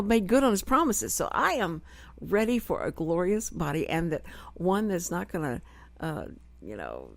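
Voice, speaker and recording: A woman's voice: medium pitch, no room sound. A middle-aged woman hosting a radio talk show, chatting freely and expressively with no filter. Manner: expressive, no-filter talker who acts out quoted voices. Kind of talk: casual radio chat. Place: radio studio.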